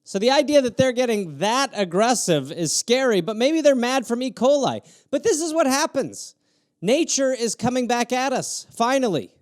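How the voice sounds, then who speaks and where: High-voiced man riffing sarcastically. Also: moderate pace, no echo, studio quality. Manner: animated, sarcastic, jumps between mock voices and asides. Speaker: comedian host riffing on viewer prompts. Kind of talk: solo improvised comedy riff on a livestream.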